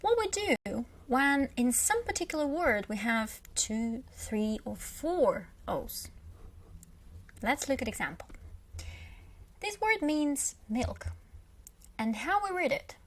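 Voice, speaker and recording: Russian-accented woman teacher, slow and patient, a touch high, beginner lesson. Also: big pitch swings. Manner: slow, patient, repeats example words with emphasis.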